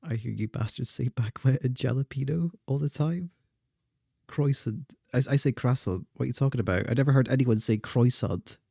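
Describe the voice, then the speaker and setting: Dark-voiced man chatting casually. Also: mid-range voice, lively intonation, a little fast, gravelly, hardly any pauses, slightly rough, no room sound, studio quality. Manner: chatty, stammers and repeats words, laughs often. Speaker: gaming streamer. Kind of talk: casual chat while playing.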